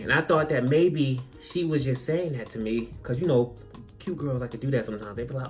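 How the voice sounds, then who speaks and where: Guy telling a story time, slangy aave, jumps up high doing other voices, faint music behind. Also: very animated, brisk. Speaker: storyteller, channel host.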